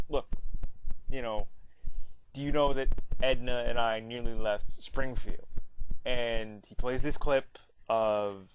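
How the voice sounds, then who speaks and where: A man reviews a TV episode in a loose, rambling recap. He keeps restarting and filling gaps with fillers. His voice sits at an average pitch over a faint background hiss. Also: poor audio. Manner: rambling, many fillers and self-corrections.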